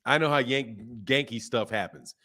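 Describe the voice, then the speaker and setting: With a mid-range voice and moderate pace, this boxing channel host runs a laid-back live stream. He speaks in slang, stays animated, and reads out and responds to chat comments.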